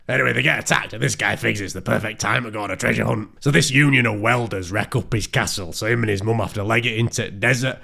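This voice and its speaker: A man narrating a crude, sarcastic, deadpan comic movie recap. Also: fairly low pitch, fast, vocal fry, few pauses. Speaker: comedy narrator.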